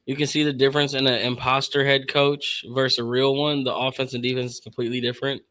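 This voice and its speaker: A young man streaming casual live play-by-play of a football game, excitable and slangy, laughing often with his chat. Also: medium pitch, fast talker.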